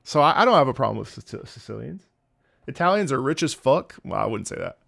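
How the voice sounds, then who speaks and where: A man's voice: medium pitch, very animated, fairly quick, creaky, fairly bright tone. A man casually chatting with his viewers on a live stream, rambling and joking with chat.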